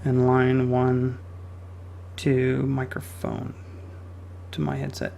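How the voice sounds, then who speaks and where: A man's voice: medium pitch, monotone, takes it slowly, creaky, mellow, slight background noise. A man hosting a casual gaming podcast, chatty and loose, talking while he fiddles with his audio settings. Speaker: podcast host.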